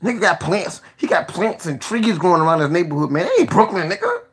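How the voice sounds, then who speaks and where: A man hosting a casual live stream, joking, cursing freely, laughing often and giving shout-outs to viewers. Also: sits high, expressive, fast talker, slightly rough.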